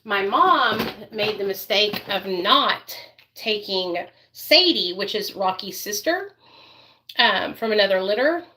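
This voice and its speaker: A woman's voice: medium pitch, expressive, takes it slowly, bright, forceful tone. A woman vlogging casually while doing her makeup, rambling and chatty with many fillers, and doting on her dog. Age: adult parent.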